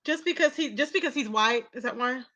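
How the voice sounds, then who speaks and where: A woman hosting a casual live-stream gossip chat, animated and full of loud exclamations. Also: high voice, a little fast.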